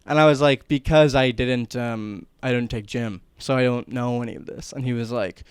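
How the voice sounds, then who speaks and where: Man, from northern New Jersey, casual rambling storyteller, smooth clear voice, dry close mic. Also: medium pitch, moderate pace, dry recording. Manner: rambling, laughing through stories. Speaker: podcast guest.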